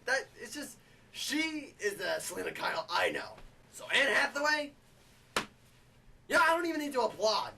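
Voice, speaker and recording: A man giving a gushing, excitable comedic movie review in character. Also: very high voice, normal speed, gravelly, pauses often, distant mic, noisy background.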